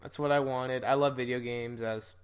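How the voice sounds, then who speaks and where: A man's voice: mid-range voice, steady tone, normal speed, smooth. A young man co-hosting a podcast, telling stories in a laid-back, easygoing casual chat. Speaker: podcast co-host.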